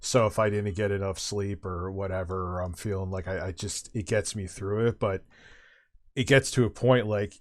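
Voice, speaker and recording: A middle-aged man with a fairly low voice chats casually on a stream. He tells a long, rambling story full of restarts and the odd curse word. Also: steady tone, moderate pace. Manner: rambling anecdote with profanity and restarts. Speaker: streamer and host.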